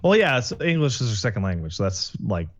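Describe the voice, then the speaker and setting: A man's voice: mid-range voice, sing-song, quick pace. Wry, cussing man on a dull mic. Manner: wry, profane banter. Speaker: podcast co-host. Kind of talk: casual chat.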